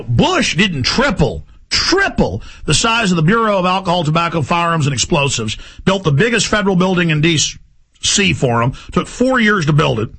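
A man hosting a talk show, delivering an impassioned, ranting monologue with forceful, repeated emphasis. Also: fairly high pitch, gravelly, slightly rough.

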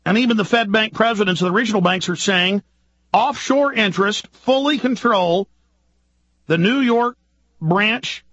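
High-pitched ranting male host. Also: a bit bright, no echo, lo-fi sound. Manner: urgent, ranting, rapid-fire rhetorical questions. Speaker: radio host. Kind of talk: impassioned political monologue.

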